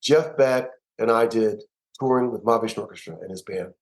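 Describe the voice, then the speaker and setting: A man, a musician and producer, telling stories in an interview with an emphatic, animated way of talking and lots of repeated words. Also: fairly low pitch, a little fast, low-quality recording. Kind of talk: storytelling interview.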